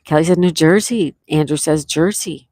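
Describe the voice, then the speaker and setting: A woman with a low voice hosts a friendly trivia livestream. She reads viewers' names and answers straight from the chat and stretches out each question. The sound is dry and close, with no room echo. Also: moderate pace, darkish tone. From near Fort Lauderdale, Florida. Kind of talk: casual live-stream chat, reading viewer answers. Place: indoors at home during a thunderstorm.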